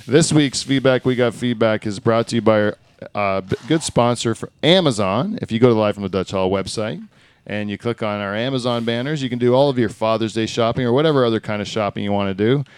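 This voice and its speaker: A man's voice: mid-range voice, fairly quick, clean tone, no echo. A man hosting a casual comedy podcast in a studio, rambling through joking sponsor reads with lots of filler words. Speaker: podcast host. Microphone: studio mic.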